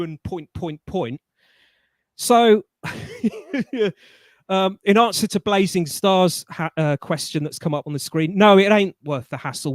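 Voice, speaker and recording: A man's voice: sits high, no room sound, studio quality. A man, a guest telling a rambling story in casual chat, stammering and restarting often, on an online call.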